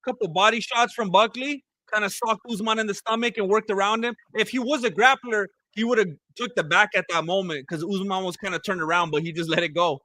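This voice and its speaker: A man's voice: high-pitched, brisk, hardly any pauses, pushed and bright, no room sound. A man giving casual, joking play-by-play of a live fight, rambling and repeating himself. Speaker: fight commentator. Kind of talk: casual live fight watch-along commentary.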